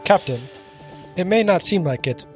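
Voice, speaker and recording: A man playing a grave, measured adventurer. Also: high voice, expressive, soft background music, pitched above the performer's own voice. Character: serious male adventurer in a trench coat.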